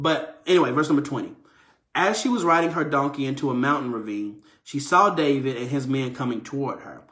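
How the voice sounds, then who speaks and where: A man preaching a conversational morning sermon, acting out the quoted speakers in an animated way. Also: reverberant. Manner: animated, acts out quoted voices in a higher pitch.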